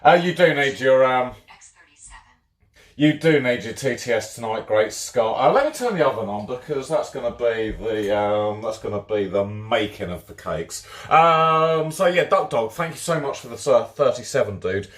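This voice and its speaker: A man's voice: mid-range voice, sing-song, moderate pace. Chatty British man in an echoey kitchen. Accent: British English. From Britain. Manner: rambling and chatty, greeting viewers by name. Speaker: livestream cooking host. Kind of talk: casual live-stream chat while baking. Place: home kitchen. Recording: echoey kitchen with faint background noise.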